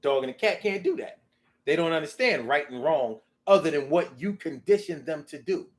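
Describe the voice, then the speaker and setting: A man talking in a casual, rambling monologue, animated and profane, to his own audience. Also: a little high, normal speed. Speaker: vlogger.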